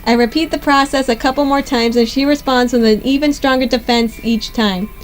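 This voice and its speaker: A young woman hosting a gaming channel, reading a visual novel aloud in steady first-person narration. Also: high-pitched, a little fast, soft background music, low-quality recording.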